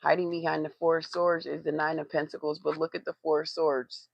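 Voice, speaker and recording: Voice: mid-range voice, little pitch movement, a little fast, vocal fry, highs cut off. A tarot reader doing a live reading, blunt and profane, who swears for emphasis and talks straight to the chat.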